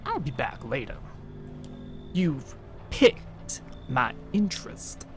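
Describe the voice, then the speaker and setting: A grim video-game vigilante who hunts monsters house to house. He speaks in a gruff, suspicious tone, slow and heavily inflected, sometimes sinking to a husky whisper. Faint game music plays underneath. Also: medium pitch, wildly swooping pitch. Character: grim menacing male vigilante purging monsters.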